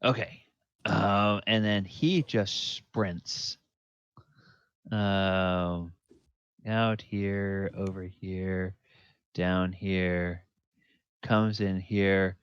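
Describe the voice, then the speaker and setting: A man narrating as game master of a tabletop game, unhurried, with fillers and pointing at the map. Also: sits low, steady tone, smooth, no room sound, dull audio.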